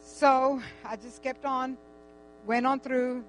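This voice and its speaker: A woman's voice: high-pitched, takes it slowly, low-quality recording. Chatty older woman telling a story. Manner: animated, chatty, with frequent restarts and quoted dialogue. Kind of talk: casual personal storytelling. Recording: faint music and mains hum.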